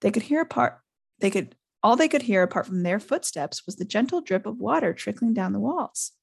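Podcast host lady reading a book aloud, lively, bit of vocal fry. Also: mid-range voice, fairly quick. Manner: lively, laughs often.

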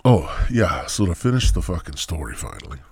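A man's voice: low voice, sing-song, fairly quick, husky. A man hosting a podcast alone, talking in a profane, rambling comedic monologue that drifts into mumbled asides. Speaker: podcast host. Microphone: new headset mic.

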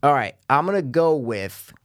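A man's voice: mid-range voice, big pitch swings, moderate pace. A young man co-hosting a casual podcast chat, swearing a lot and calling everyone dude. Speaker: podcast co-host.

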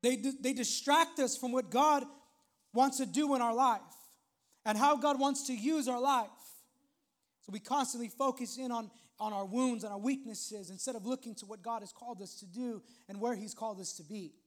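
A man's voice: very high-pitched, normal speed. A male pastor preaching a sermon in a conversational way, with frequent asides to the congregation.

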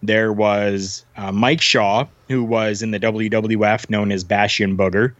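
A man's voice: on the low side, steady tone, a little slow, a bit bright, no echo, highs cut off. A man from Canada, a former wrestler, telling long rambling stories on a podcast with lots of fillers and restarts, acting out what others said. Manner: rambling anecdotes with many fillers and restarts, acting out quoted voices. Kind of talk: casual storytelling.

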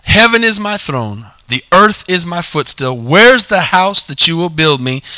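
A man preaching a sermon as pastor, reading scripture slowly and asking the congregation questions he answers himself. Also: high voice, very animated, pushed and bright, no echo. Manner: call-and-response preaching, drawn-out scripture reading.

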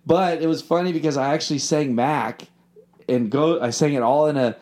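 A man's voice: a little high, normal speed, a little mellow. A man in a casual chat, talking about filmmaking and his songwriting with loose, rambling storytelling full of fillers and restarts.

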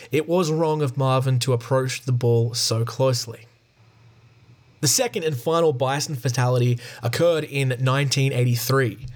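A man hosting a podcast, reading a prepared script in a steady storytelling tone. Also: mid-range voice. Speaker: podcast host. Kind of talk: scripted narration.

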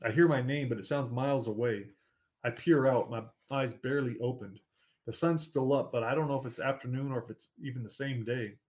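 Here a man with a medium-pitched voice reads a story told in the first person. He's an audiobook narrator, and his delivery stays even and measured throughout.

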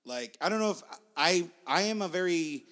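A man co-hosting a podcast in casual chat, telling stories in an animated, profane way. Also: high voice, moderate pace. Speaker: podcast co-host.

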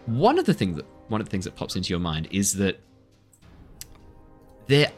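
Animated man running a tabletop game. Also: deep voice, moderate pace, faint music behind. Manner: animated, laughing often, self-correcting. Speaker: game master.

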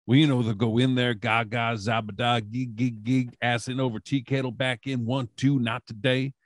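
A man's voice: mid-range voice, level tone, moderate pace, no echo, natural voice. A man doing an impression of an older male wrestling producer who mumbles run-together jargon. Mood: rambling.

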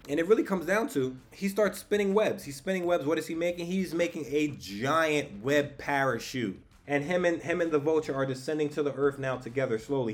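A man reviewing a comic book in a casual, enthusiastic and animated way. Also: on the high side. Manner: animated and enthusiastic, with frequent restarts. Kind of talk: casual commentary.

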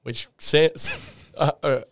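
A young Australian man telling a pub story on a podcast, animated and laughing, acting out the people in it. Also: fairly high pitch, slow. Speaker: podcast guest. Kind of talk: casual storytelling.

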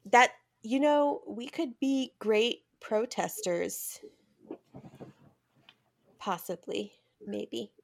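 A woman's voice: on the high side, animated, extremely slow, vocal fry, long pauses. A woman hosting a podcast in a playful, joking manner, laughing often. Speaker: podcast host. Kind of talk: casual comedic chat.

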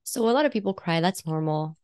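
A woman with a lowish voice chats warmly as a podcast guest, laughing often and circling back through fillers and restarts. The sound is dry and close to the mic, with no room echo. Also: lively intonation, brisk, smooth. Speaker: guest, intuitive life coach and psychic. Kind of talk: casual podcast conversation.

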